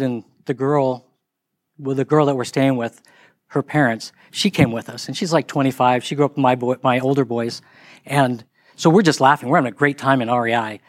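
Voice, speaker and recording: A man's voice: dry recording, studio quality. A middle-aged man telling a casual story, acting out the people he quotes. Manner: animated, acts out quoted voices in higher pitch.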